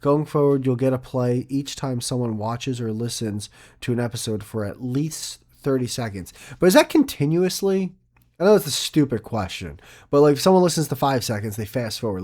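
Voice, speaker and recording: A man's voice: mid-range voice, a little mellow. A man hosting a solo podcast, rambling and self-mocking, swearing often. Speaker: podcast host.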